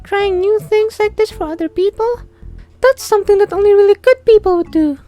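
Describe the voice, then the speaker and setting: A woman's voice: extremely high pitch, a little fast, faint music behind. A woman voicing a cheerful, bubbly, airheaded teenage girl in a visual novel, gushing and giggly. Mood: affectionate. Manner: gushing, giggly, easily excited.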